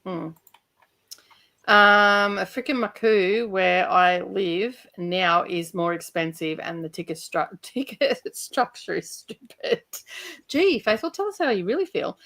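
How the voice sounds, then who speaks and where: A woman's voice: medium pitch, animated, measured pace, sharp tone. A woman hosting a casual livestream, chatting with a guest and reading out viewers' comments, laughing often. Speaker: livestream host.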